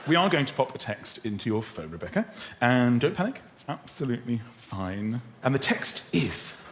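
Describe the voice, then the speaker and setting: Animated comedy host, roomy studio. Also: male voice, medium pitch, moderate pace, noisy background. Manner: animated, teasing, exclaiming. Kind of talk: comedic hosting, reading out texts. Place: TV studio with live audience. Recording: roomy studio with loud audience laughter.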